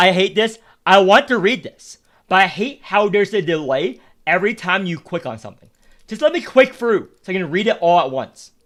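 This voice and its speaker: A young man with a notably high voice streams a game and rants about it. He talks bluntly and swears a lot, and he repeats himself as he complains. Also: a bit bright. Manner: blunt, profane, repetitive ranting. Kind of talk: casual stream commentary.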